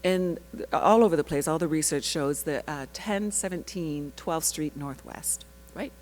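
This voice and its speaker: An actress telling an animated personal story at a panel, laughing often and breaking off into asides. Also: female voice, deep voice, measured pace, poor audio. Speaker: actress sharing her research story.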